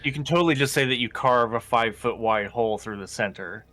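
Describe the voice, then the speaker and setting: A man's voice: medium pitch, a little fast, a bit bright. A man playing in a tabletop game, easygoing and offering suggestions to the group. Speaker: player. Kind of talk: casual chat at a tabletop game.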